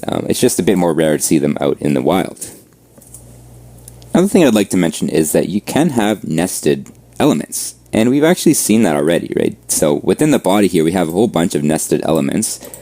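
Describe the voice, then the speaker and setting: A man with a low, mellow voice walks through a coding lesson in an easygoing, explanatory way. He keeps checking in with listeners as he goes. The recording is dry and close, with no room sound. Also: brisk, no room sound. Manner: relaxed, explanatory, frequent "right?" check-ins. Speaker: coding instructor. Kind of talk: screen-share coding lesson.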